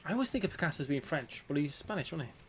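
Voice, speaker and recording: A man's voice: a little high, big pitch swings, racing, slight background noise. A man co-hosting a livestreamed board game demo, joking around and thinking aloud while he explains the rules. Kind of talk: casual livestream chat.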